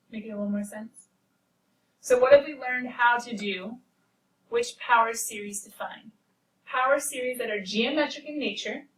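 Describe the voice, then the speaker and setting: A woman's voice: medium pitch, fairly bright tone. A woman teaching a math class, explaining step by step in a chatty way, recorded in a classroom. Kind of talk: classroom lecture with banter. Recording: roomy classroom audio from far off.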